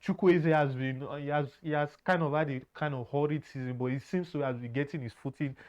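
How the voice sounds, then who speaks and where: Halting man, slightly high voice. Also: steady tone, darkish tone. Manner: halting, repeats words, earnest. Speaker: football pundit. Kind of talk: casual football analysis. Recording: dull lo-fi sound.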